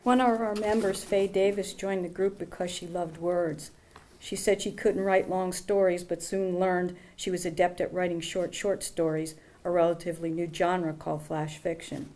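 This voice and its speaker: Mellow-voiced woman reading a story. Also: on the low side, little pitch movement, normal speed, a little hiss or hum. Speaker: writing group member reading aloud. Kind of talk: reading a short story aloud.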